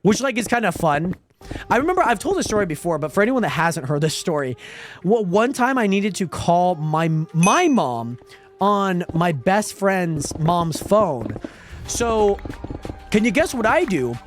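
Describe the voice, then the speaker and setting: A man from Spokane livestreams in loose, rambling chat, full of fillers and quick laughs. His pitch swings widely as he talks. Music plays clearly behind him. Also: very animated. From Spokane, Washington, USA. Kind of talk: casual chat, reacting to viewer chat.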